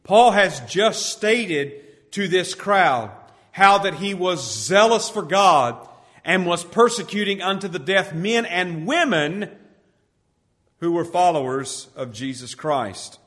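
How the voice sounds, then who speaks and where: A male pastor preaching a sermon with emphatic, drawn-out stresses, dropping his voice low when he quotes scripture, recorded in a church sanctuary. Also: animated, fairly bright tone. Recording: church hall with long reverb.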